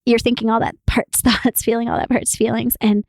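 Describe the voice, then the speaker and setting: Female podcast co-host, higher pitch, laughing and animated, dry close mic. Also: fairly quick, vocal fry, no room sound. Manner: laughs often while talking, animated. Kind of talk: casual podcast conversation.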